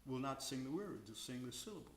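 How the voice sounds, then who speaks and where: On a concert house stage, a veteran opera tenor in his later years answers questions about singing in a slow, reflective way, occasionally breaking into brief sung examples. His mid-range voice has a sing-song lilt, and the sound is roomy.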